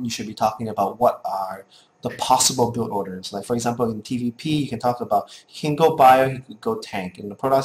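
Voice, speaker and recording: A man's voice: mid-range voice, roomy sound, slight background noise. A man with a Singaporean accent giving frank, encouraging critiques to new game casters, often repeating himself. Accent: Singaporean English. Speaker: casting coach.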